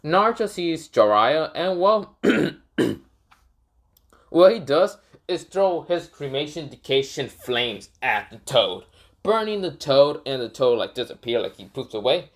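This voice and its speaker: A man's voice: mid-range voice, very animated, moderate pace. Rambling man telling a fan story. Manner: rambling, many fillers, self-correcting. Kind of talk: casual fan story narration.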